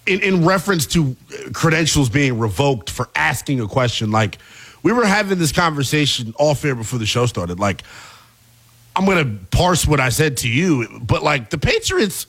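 A male sports talk host whose pitch swings widely as he gets worked up. He keeps it conversational, leaning on fillers as he talks through the story. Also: moderate pace, husky. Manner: animated, conversational, lots of fillers. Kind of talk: casual sports debate.

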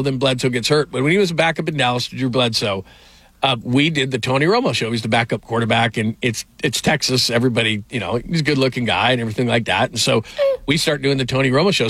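Bright, rambling middle-aged sports radio host. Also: male voice, medium pitch, breathy edge, no room sound. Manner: rambling storyteller, frequent fillers and restarts, laughs often. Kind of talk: casual sports talk.

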